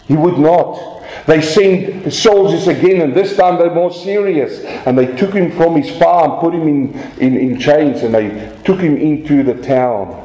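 A man's voice: a little high, measured pace, mellow. A man preaching a sermon, telling stories dramatically and asking the congregation rhetorical questions. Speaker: pastor. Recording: echoey church room.

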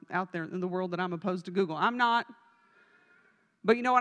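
A woman's voice: medium pitch, fairly bright tone, long reverb tail. A woman evangelist preaching a sermon in a church, speaking emphatically and directly to the congregation. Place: church sanctuary.

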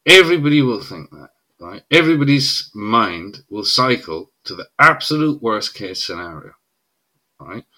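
A middle-aged man with an Irish accent talks as a podcast guest, his voice bright and forceful. He lays out his argument emphatically and keeps checking in with "right?". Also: lowish voice, very animated, moderate pace. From Ireland. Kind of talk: casual podcast conversation.

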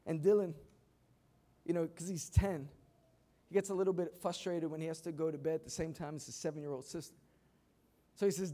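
A man's voice: on the high side, fairly even intonation, brisk, long pauses, mellow. A man in his thirties, a pastor preaching a sermon to a church congregation, emphatic and mixing in humorous stories. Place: church service before a congregation.

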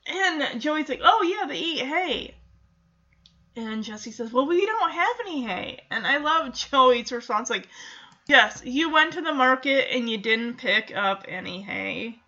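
A woman's voice: high voice, sharp tone. A woman casually recapping a sitcom episode, animatedly acting out the characters' lines and laughing as she goes. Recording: dull lo-fi sound.

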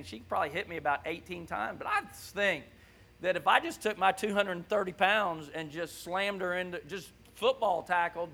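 A man preaching a conversational sermon in a church, animated and often checking in with his listeners. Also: high voice, vocal fry. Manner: animated, keeps asking "right?".

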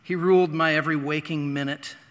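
A middle-aged man telling a childhood story in a sermon, earnest, with dramatic pauses and repeated phrases. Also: fairly high pitch, fairly even intonation, fairly bright tone. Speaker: pastor. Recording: long hall reverb.

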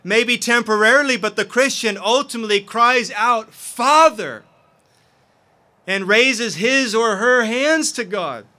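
A man's voice: very high voice, unhurried, few pauses, pushed and bright. A man preaching a sermon as pastor, earnest and impassioned.

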